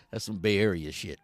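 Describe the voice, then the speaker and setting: Male host, streetwise uncle type, preachy and rambling, very animated delivery, faint music bed. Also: lowish voice. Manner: animated, chuckles between points. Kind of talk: satirical dating advice monologue.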